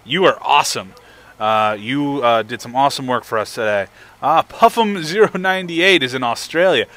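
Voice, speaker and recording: A young man hosts a live stream in an easy, casual way, reading out viewer comments and chatting between games. His voice is bright and lively at an ordinary pitch. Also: moderate pace. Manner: upbeat, reads viewer messages aloud. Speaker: livestream host.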